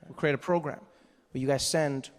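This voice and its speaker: A man from South Africa doing a lively stand-up comedy set in a live venue, breaking into voices of other people. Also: on the high side, moderate pace. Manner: animated, jumps into voices of others. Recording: echoey hall, faint background.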